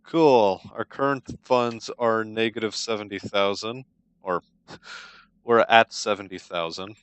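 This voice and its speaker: A man's voice: lowish voice, steady tone, slow pace, fairly bright tone, clean tone, no echo. A young man giving casual let's-play commentary on a strategy game, with dry, wry understatement.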